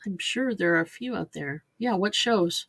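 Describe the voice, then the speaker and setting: Middle-aged woman co-host, husky voice, chatty and wry, dry close sound. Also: mid-range voice, animated, normal speed, a bit bright, dry recording. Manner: chatty and wry, trailing off into asides. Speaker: co-host of a live chat stream. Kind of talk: casual chat.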